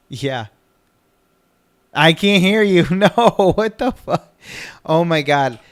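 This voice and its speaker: A man's voice: mid-range voice, dry recording. A man in his thirties co-hosting a casual podcast from home, rambling and cutting himself off, cursing when flustered. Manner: rambling, self-interrupting, swears when flustered. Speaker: podcast co-host.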